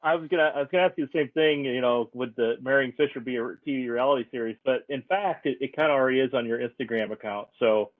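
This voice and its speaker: A man's voice: medium pitch, fast talker, few pauses, no echo. A folksy male podcast host asks questions in a joking, loose way, full of fillers. His voice comes through a tinny, phone-like line. The sound is dry and close. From ranch in the Nebraska Sandhills. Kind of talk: casual podcast chat.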